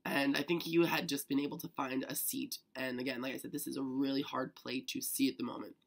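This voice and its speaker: A young man telling a story to camera in a chatty, excitable vlog manner, full of "like". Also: medium pitch, fairly quick, gravelly. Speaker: vlogger.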